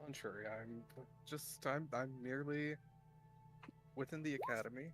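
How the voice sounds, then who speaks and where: A man's voice: mid-range voice, moderate pace, a bit bright, soft background music. A man playing in a tabletop game, answering in hesitant, flustered bits with frequent laughter. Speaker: player. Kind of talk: tabletop role-play.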